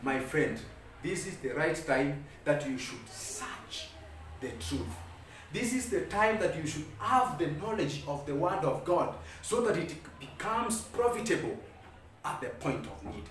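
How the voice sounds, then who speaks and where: Male evangelist, high voice, preaching style with measured scripture reading; distant mic, heavy room echo. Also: very animated, fairly bright tone, slight background noise. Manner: preaching with rising emphasis, reading scripture aloud slowly. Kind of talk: sermon. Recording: very echoey room, heard from a distance.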